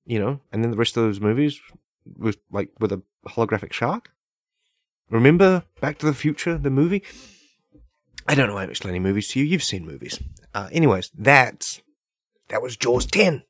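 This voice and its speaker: A man's voice: medium pitch, sing-song, a little fast, long pauses, no echo, clean studio sound. A man hosting a podcast, riffing through a long comedic monologue full of "like" and "right?", praising absurd ideas in a mock-earnest, tongue-in-cheek way. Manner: loose, filler-heavy riffing with many "like" and "right?". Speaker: podcast host. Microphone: podcast microphone.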